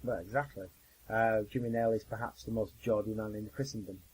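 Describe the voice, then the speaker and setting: Anfitrión galés de voz ronca. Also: male voice, lowish voice, steady tone, a little mellow, husky, rough recording. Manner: thoughtful, measured commentary with fillers. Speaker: podcast host. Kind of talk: casual podcast chat.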